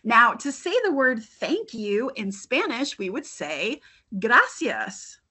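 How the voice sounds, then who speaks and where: Woman host of a library story time. Slow and expressive, bright voice. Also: a little high, slightly rough. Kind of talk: reading a picture book aloud to children.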